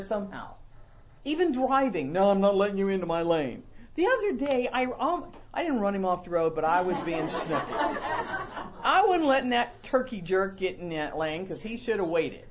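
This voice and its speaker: A man gives a relaxed, conversational sermon with folksy humor. He acts out little quoted scenes and drops to a hushed, low voice for the heartfelt parts. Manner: folksy and humorous, acting out quoted lines, dropping soft and low for confessions. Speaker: preacher.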